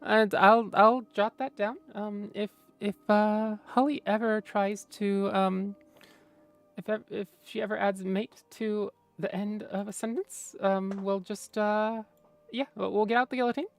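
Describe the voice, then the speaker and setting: A woman's voice: mid-range voice, steady tone, measured pace, faint music behind. Playful woman streamer chatting casually. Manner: playful, teasing. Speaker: streamer reading chat. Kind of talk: casual livestream chat.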